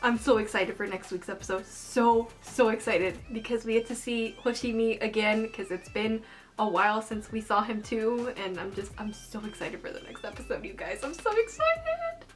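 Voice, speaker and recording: Young adult woman, high-ish voice, gushing anime fan rambling her weekly review. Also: normal speed, faint music behind. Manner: gushing, excitable fangirl rambling. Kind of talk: casual episode review while doing makeup.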